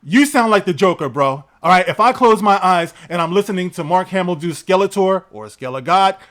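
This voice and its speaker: A man giving ranting, profane commentary, sarcastic and quick to laugh. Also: sits high, lively intonation, a bit bright. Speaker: entertainment news vlogger.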